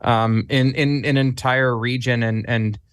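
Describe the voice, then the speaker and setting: A man's voice: mid-range voice, fairly even intonation, unhurried, no echo. A man talking as a guest on a podcast in casual chat, animatedly telling stories and acting out his own quotes. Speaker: podcast guest, club staffer.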